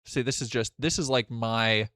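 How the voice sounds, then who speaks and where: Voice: mid-range voice, normal speed, noisy background. A streamer talking casually to chat while reacting to videos, swearing freely and thanking donors. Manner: profane, animated, chatty. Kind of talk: casual live-stream commentary.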